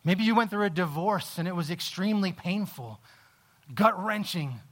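A man preaching a sermon, telling a personal story with halting restarts, lively in the telling and quiet in reflection. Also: high-pitched. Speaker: pastor.

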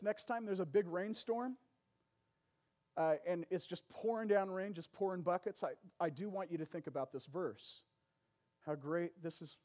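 Male pastor in his sermon, a bit high-pitched, chatty delivery that climbs to loud emphatic peaks. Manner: conversational preaching with frequent call-and-response "amen" and "right".

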